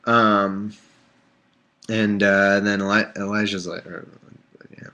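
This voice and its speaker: A man's voice: lowish voice, level tone, slow pace, pushed and bright. A man hosting a live stream, reading scripture aloud and breaking off into rambling, jokey asides. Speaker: livestream host. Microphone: computer microphone on a live stream.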